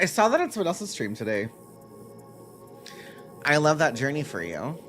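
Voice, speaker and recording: A man's voice: on the high side, wildly swooping pitch, normal speed, a bit bright, faint music behind. Chatty male game streamer thinking aloud. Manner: chatty, thinks aloud, hums between sentences. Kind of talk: live gameplay commentary chatting with viewers.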